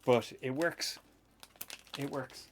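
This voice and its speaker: A man's voice: mid-range voice, takes it slowly, slight background noise. A man hosting a live stream in casual chat while he tinkers, rambling, laughing often and swearing casually.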